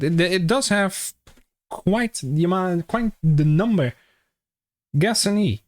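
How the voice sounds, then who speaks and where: A man's voice: sits high, animated, slow, long pauses. A young man with a Dutch accent chatting casually and jokingly with viewers on a live stream, swearing freely. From Netherlands.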